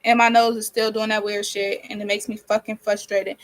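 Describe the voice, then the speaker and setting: A nineteen-year-old woman vlogs casually while doing her hair in a small, cold bedroom with a space heater running. Her medium-pitched voice is level and brisk, the recording low quality, as she vents and rambles with lots of swearing, her nose sniffly and irritated.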